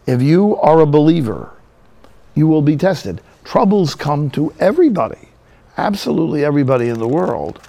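Older guy preaching, gravelly, kinda dark voice, folksy storytelling. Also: fairly high pitch, moderate pace. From New Jersey. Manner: storytelling, folksy and animated with quoted asides. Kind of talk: sermon.

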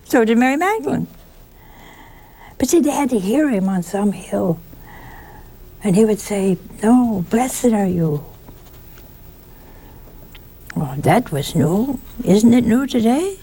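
A woman's voice: on the high side, big pitch swings, unhurried, pauses often, mellow, slight background noise. A woman giving a conversational sermon in a folksy way, full of rhetorical questions. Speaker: preacher.

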